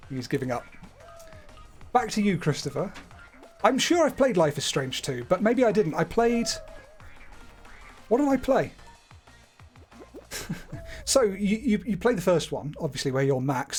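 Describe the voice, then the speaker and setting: A man's voice: sits high, darkish tone. A man streaming live, talking through his gameplay in a chatty, playful way with wordy asides. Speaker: gaming streamer.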